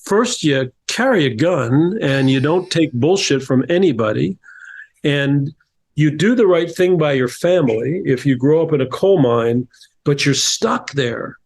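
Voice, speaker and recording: A fairly high-pitched, animated man speaks a little slowly: he's a middle-aged New Jersey author and coach telling stories as a guest on a casual podcast interview. Thoughtful, he restarts often and repeats words.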